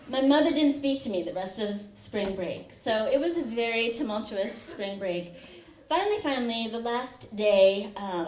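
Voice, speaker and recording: A woman's voice: fairly high pitch, a little mellow, slight background noise. A woman poet giving a reading, telling personal stories in a chatty way and laughing often. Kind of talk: poetry reading with personal anecdotes. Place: university lecture hall. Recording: echoey hall from far off.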